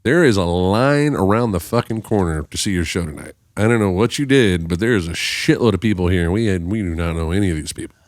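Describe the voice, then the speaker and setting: Lower-voiced man telling a wild story. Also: fast talker, few pauses, no room sound. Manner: animated storyteller, swears freely, acts out quoted voices. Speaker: podcast guest musician. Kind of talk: casual storytelling.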